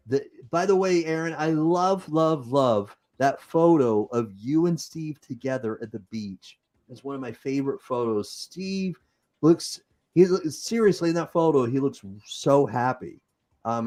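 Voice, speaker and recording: A man's voice: medium pitch, a little mellow. A man with a Utah accent hosting a livestream, chatting casually and improvising as he reads comments. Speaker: host.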